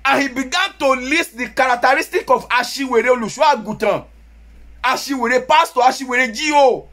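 A man with a Nigerian Yoruba accent, preaching a sermon as pastor, sometimes rising to shouts. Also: very high-pitched, lively intonation, moderate pace.

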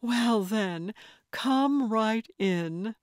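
A woman's voice: fairly high pitch, lively intonation, drawn-out words, dry recording, studio quality, voice pushed up. Woman doing a cooing, gracious older lady. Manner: sweet, cooing, lilting. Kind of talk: audiobook character voice.

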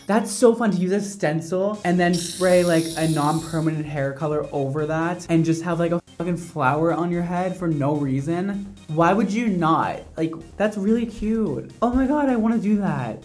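Sassy, animated male hairdresser reacting. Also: fairly high pitch, normal speed, few pauses, soft background music. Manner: animated, sassy, with dramatic exclamations. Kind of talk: casual reaction commentary.

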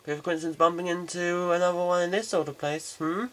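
Man putting on a pompous old-fashioned gentleman. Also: high voice, flat delivery, pitched above the performer's own voice. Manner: pompous, slow, drawn-out speech. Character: stuffy old-fashioned gentleman, formal, long-winded.

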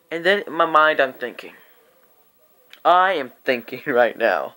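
A man telling a story-time vlog in a casual, profane, animated way. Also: fairly high pitch, a little slow, long pauses. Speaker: vlogger.

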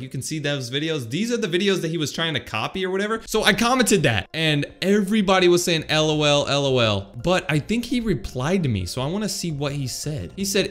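A man narrates a casual online reaction video with a slightly high voice. His pitch swings widely, and he sounds incredulous and animated as he talks straight to his viewers. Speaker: YouTube commentator.

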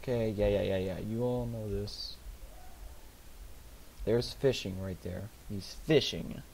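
A man's voice: fairly low pitch, fairly even intonation, slow pace, vocal fry. A man giving let's play commentary at his computer, muttering and reading game words aloud as he types. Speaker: gaming channel host. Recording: loud background noise.

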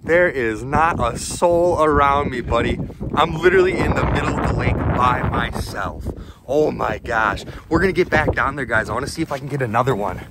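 A man vlogging while ice fishing outdoors on a frozen lake, talking excitedly to his viewers and exclaiming often. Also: medium pitch, moderate pace. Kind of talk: excited outdoor vlog narration. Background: wind and outdoor ambience.

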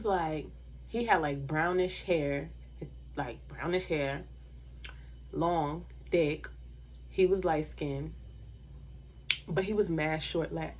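A woman's voice: on the low side, a little hiss or hum. A young woman telling a storytime to her viewers in a casual, slangy way, with asides and laughs.

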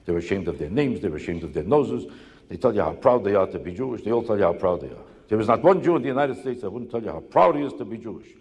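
A man doing stand-up comedy before a live audience, talking rapidly and insistently with rhetorical questions and repetition. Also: lowish voice, lively intonation, a little mellow. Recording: echoey hall, live show.

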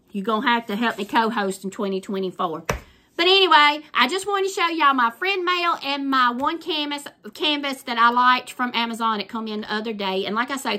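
An older woman with a Southern US accent hosts a casual crafting vlog. Her voice sits slightly high and sounds bright and forceful. She talks in a chatty, effusive way and keeps calling her viewers y'all. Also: a little hiss or hum. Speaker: crafting vlogger.

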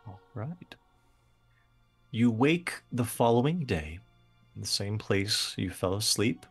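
A man's voice: lowish voice, animated, takes it slowly, long pauses, husky, faint music behind. A man narrating a tabletop game as game master, casual, with lots of fillers and laughter.

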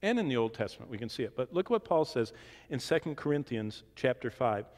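A man teaching the Bible in a question-and-answer session, swinging from emphatic declarations to hushed asides. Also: medium pitch, big pitch swings, fairly quick. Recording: long reverb of a large hall.

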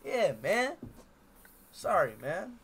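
Loud teasing male streamer, bright voice. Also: high-pitched, big pitch swings, slow, husky. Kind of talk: casual street chat with strangers.

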